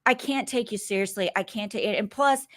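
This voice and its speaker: A woman's voice: medium pitch, a little fast. A woman co-hosting a casual reality TV recap podcast, talking animatedly, laughing often and acting out what people said. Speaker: podcast co-host.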